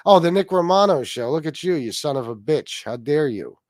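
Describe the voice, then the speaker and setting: A man's voice: on the high side, lively intonation, brisk, no echo. A man hosting a casual livestream, rambling, swearing freely and reacting to chat comments. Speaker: livestream host.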